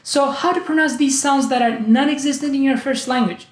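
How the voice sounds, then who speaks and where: A man hosting a language tutorial, speaking in a clear, deliberate way and acting out examples of word stress. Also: very high-pitched. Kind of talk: scripted tutorial narration. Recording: roomy echo.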